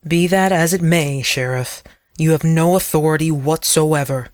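A narrator voicing a calm, lawyerly churchman in an audiobook, with a melodious voice kept under tight control. He cites cases with precise, even confidence, recorded dry and close at a middle pitch. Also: normal speed, no room sound, lightly acted. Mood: firm. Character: calm smooth-talking lawyerly man of a church.

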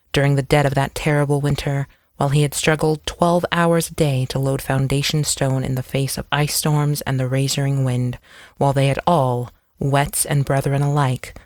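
A woman narrating an audiobook in a measured, even storytelling manner. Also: low voice, no echo, clean studio sound.

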